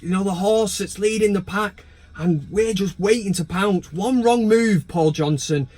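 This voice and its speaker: A man's voice: sits high, measured pace, darkish tone. A young man hosting a football fan vlog, talking in blunt, sweary banter. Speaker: football fan channel host. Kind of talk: casual vlog commentary.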